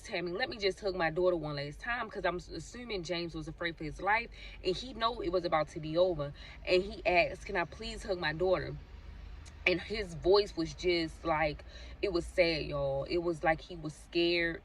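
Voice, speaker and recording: Her voice mid-range and a bit bright, a woman vlogger picked up by a distant mic casually recounts a true-crime case. She's chatty, talks right to her audience, and uses lots of fillers such as "so basically."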